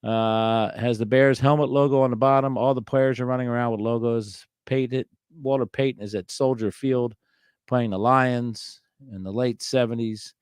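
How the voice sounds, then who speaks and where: A man's voice: mid-range voice, steady tone, moderate pace, a little mellow, clear, resonant tone, dry recording, clean studio sound. A man hosting a casual solo show about old trading cards, reading the card text aloud and joking wryly in an offhand way. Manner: wry, offhand, reads card backs aloud. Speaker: host.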